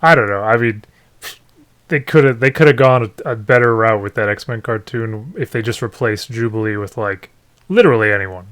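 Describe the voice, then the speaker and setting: A man's voice: medium pitch, normal speed, a bit bright. A man co-hosting a podcast in casual chat, trading dry, teasing quips. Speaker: podcast co-host.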